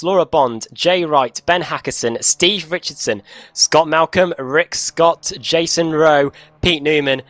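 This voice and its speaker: A man commentating sim racing who briskly reads out starting positions. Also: on the high side, fairly bright tone, no room sound. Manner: brisk, reads out lists of names. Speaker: race commentator.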